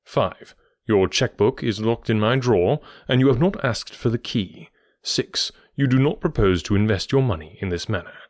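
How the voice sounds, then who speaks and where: A man voicing a sharp male detective who explains his reasoning in a measured, faintly superior tone. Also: lowish voice, dry recording, studio quality, lightly acted. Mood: explaining. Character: sharp, lecturing male detective, cool and precise.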